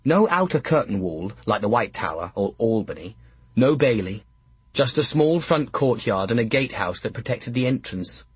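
A man reading an audiobook in a measured, first-person storytelling manner. His voice is husky, and the recording is close and dry. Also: mid-range voice, no echo. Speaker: narrator. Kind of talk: audiobook narration.

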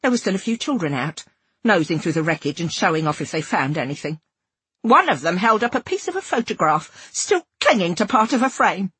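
A woman reading a first-person story aloud, expressive and acting out the dialogue. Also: medium pitch, brisk, husky, dry recording. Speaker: audiobook narrator. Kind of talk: scripted first-person narration.

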